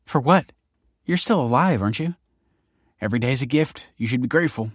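Man doing a brash young woman, quick and snappy, dry close read. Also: mid-range voice, animated, dry recording, pitched above the performer's own voice, close to an everyday voice. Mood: teasing. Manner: sharp, snappy banter.

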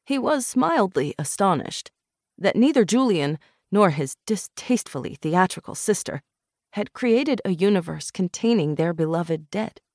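A narrator reading a novel aloud in a measured, even manner, close to the microphone. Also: mid-range voice, no echo. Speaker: audiobook narrator. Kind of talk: scripted narration.

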